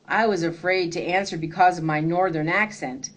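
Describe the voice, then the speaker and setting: A woman's voice: low-pitched, normal speed, hardly any pauses. Earnest woman reading a story aloud. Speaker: reader. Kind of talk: reading a children's book aloud.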